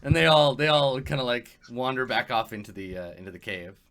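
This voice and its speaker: A man's voice: medium pitch, animated, brisk, crowd noise. A man narrating as game master of a tabletop game, rambling and laughing with many fillers.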